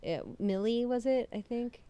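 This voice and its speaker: A young woman co-hosting a podcast, chatting casually and getting excited, laughing often. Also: a little high, normal speed, clean tone. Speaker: podcast co-host. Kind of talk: casual chat.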